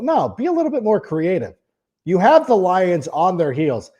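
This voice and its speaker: Through a muffled recording, a man with a high, dark voice whose pitch swoops wildly speaks at a moderate pace. He hosts a casual sports podcast, talking at length, repeating words as sentences begin, and reading a sponsor ad midway.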